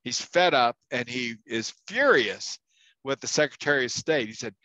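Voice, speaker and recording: A man's voice: medium pitch, lively intonation, moderate pace, pushed and bright, no room sound, dull audio. A man teaching a university class, telling anecdotes in a casual, chatty way with many fillers and restarts. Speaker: university instructor. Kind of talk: casual lecture storytelling.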